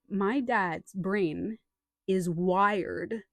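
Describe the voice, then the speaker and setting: A woman's voice: mid-range voice, normal speed, dry recording, studio quality. A woman life coach and author talking on a live stream, telling stories with acted-out quotes and answering the chat. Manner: chatty, animated storytelling with acted-out quotes.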